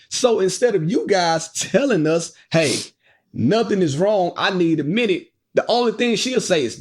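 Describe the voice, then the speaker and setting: Animated joking man, podcast co-host. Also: high-pitched, normal speed. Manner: animated, joking, imitates his wife. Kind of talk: casual chat.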